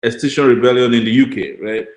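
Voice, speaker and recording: A man moderating an online rally, calling on speakers in a halting, filler-heavy way. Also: mid-range voice, a little mellow. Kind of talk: hosting a video call. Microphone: video call. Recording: roomy call audio.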